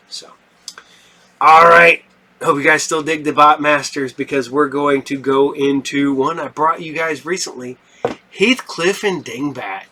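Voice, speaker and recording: A man's voice: medium pitch, sharp tone, rough recording. A man hosting a podcast in casual, rambling chat with lots of fillers. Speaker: podcast host.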